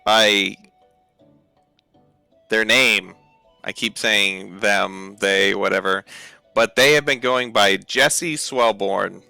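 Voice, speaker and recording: A man running a tabletop game as game master, talking in a halting way with many fillers. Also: fairly low pitch, fairly even intonation, vocal fry, pushed and bright, dry recording, soft background music.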